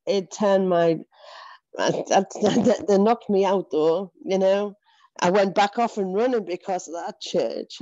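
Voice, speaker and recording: A woman's voice: mid-range voice, mellow, no echo, lo-fi sound. A woman giving an earnest, emotional personal faith testimony, often repeating herself and laughing between phrases. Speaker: church member giving testimony.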